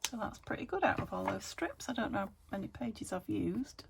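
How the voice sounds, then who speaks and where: A woman from the UK, a craft vlogger, chatting casually to camera and thinking aloud as she works, with soft half-whispered asides. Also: mid-range voice, big pitch swings, a little fast, creaky, noisy background. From United Kingdom.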